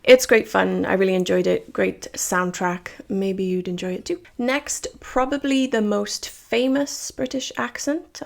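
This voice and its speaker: Welsh woman, English teacher, cheerful chatty delivery, gravelly voice. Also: medium pitch. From Wales. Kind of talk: scripted lesson to camera.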